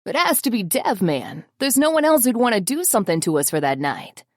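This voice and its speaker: A woman's voice: medium pitch, sing-song, brisk, dry recording, clean studio sound, voice pushed up. A woman reading the part of a suspicious young man speaking urgently, in an audiobook.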